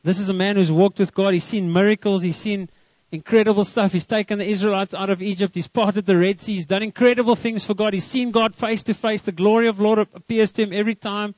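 A man preaches with a high voice, stopping often to put questions to his listeners. The recording is close and dry. It sounds a little muffled. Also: fairly quick, few pauses, dry recording. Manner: lively, asks the congregation questions. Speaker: pastor. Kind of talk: sermon.

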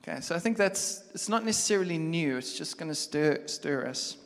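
Pastor preaching in an echoing hall. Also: male voice, a little high, brisk, vocal fry, hardly any pauses. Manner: conversational, builds from quiet musing to loud animated storytelling. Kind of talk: sermon. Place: church hall. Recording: long church hall reverb.

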